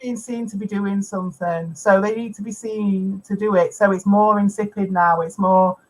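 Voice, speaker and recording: A woman's voice: medium pitch, steady tone, normal speed, rough recording. A woman co-hosting a podcast, who chats bluntly and opinionatedly while reacting to old TV shows. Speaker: podcast co-host. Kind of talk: casual chat reacting to old TV.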